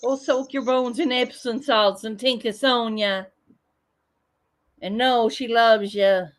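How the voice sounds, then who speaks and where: A woman's voice: fairly high pitch, fairly even intonation, slow. A woman hosting a casual livestream, joking and swearing freely as she chats with viewers. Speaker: livestream host.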